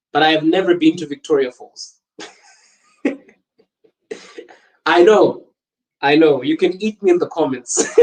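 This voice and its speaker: Young male podcast host with a slightly higher voice, loose and animated, laughs easily while reading chat. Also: poor audio. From Botswana. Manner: laughs often, animated and jokey. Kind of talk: casual live-stream chat.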